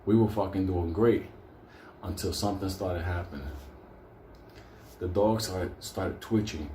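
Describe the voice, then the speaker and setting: A man tells a wild story in loose, swear-filled talk, breaking into laughter along the way. His voice is dark and mellow. The sound bounces around a roomy space. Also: low-pitched, measured pace, slight background noise. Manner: profane, laughing, animated. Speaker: host. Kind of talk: casual storytelling. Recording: roomy echo.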